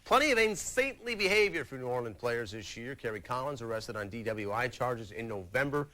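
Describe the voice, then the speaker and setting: Man, news anchor, crisp, bright forceful voice. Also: mid-range voice, expressive, brisk. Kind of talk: news reading.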